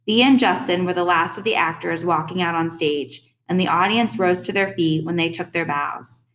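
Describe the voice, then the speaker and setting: A young adult woman reading a first-person audiobook in a steady, earnest storytelling manner. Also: lowish voice, normal speed, slight background noise, low-quality recording. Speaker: audiobook narrator.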